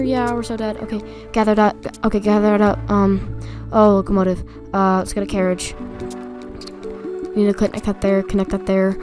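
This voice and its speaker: A woman's voice: mid-range voice, normal speed. Young girl yapping over her game, gets super worked up, faint music under it. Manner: excitable, chatty, repeats words when stressed. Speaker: YouTuber. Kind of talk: casual gameplay commentary.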